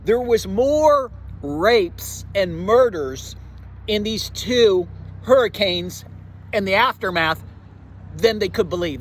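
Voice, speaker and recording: A man preaching a sermon as pastor, fervent and urgent, dropping low for warnings. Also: a bit bright, slight background noise.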